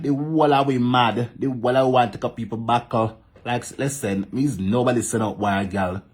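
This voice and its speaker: A man with a Jamaican accent ranting to camera in patois, animated and repetitive, talking back to commenters. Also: medium pitch, fairly quick, slightly rough. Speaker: social media vlogger. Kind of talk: casual ranting monologue to camera.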